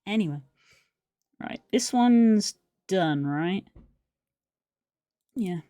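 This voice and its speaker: A woman's voice: medium pitch, lively intonation, drawn-out words, mellow, no room sound. A young woman streaming while editing video, rambling and musing aloud to her chat in a casual way.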